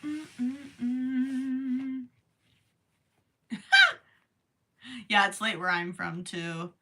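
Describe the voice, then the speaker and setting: A tired young woman with a Minnesotan accent chats on a crochet livestream and reads comments aloud between giggles. Her voice sits a little high and sounds bright and sharp, though it is strained from the late hour. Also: steady tone, drawn-out words. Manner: giggly, chatty, reading viewer comments aloud. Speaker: livestream host. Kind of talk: casual livestream chat while crocheting.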